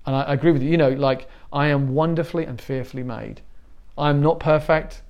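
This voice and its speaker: A man's voice: on the high side, fairly even intonation, brisk, lo-fi sound. A middle-aged Englishman giving a conversational sermon as a pastor, telling stories with self-deprecating humor.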